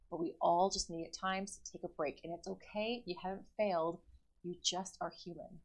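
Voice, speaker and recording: A woman and mother talking earnestly and emphatically about parenting, in quick runs of speech. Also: on the low side, fairly even intonation, a little mellow.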